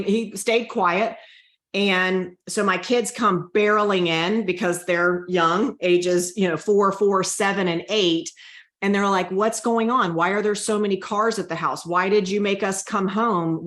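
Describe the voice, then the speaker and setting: A woman's voice: on the low side, a bit bright, echoey room. A woman guest on an interview show telling a personal story in an earnest, emotional way, often repeating her own prayers aloud. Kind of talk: heartfelt testimony interview.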